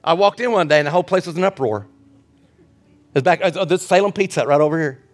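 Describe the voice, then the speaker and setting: Preaching in church, a man hammers home repeated phrases with rising intensity in an emphatic, repetitive sermon. He speaks fast in a fairly high voice.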